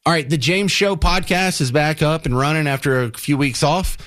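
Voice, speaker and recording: A man's voice: a little high, normal speed, fairly bright tone. A male radio talk show host, delivering an opinionated, sarcastic monologue with exasperated ranting.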